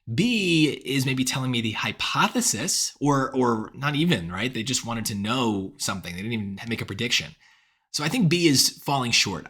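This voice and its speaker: A man tutoring for the SAT, walking through each answer choice out loud and often asking "right?" as he reasons. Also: medium pitch. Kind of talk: test-prep walkthrough.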